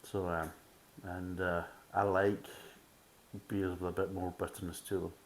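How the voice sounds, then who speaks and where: A man's voice: deep voice, flat delivery, measured pace. A man giving a casual, methodical beer tasting review, full of "kind of" fillers.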